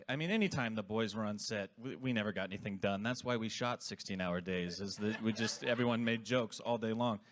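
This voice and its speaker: A man's voice: medium pitch, fairly bright tone. A man with a mid-range voice telling a funny story on a convention panel. He rambles and loses his thread, then switches to another tale. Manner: rambling, easily sidetracked, jokey. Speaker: cast member at a reunion panel.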